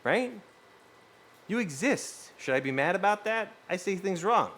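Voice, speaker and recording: A man's voice: sits high, a little slow. A young man livestreaming in casual chat, rambling and cursing freely as he talks to his viewers. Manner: rambling, animated, swears freely.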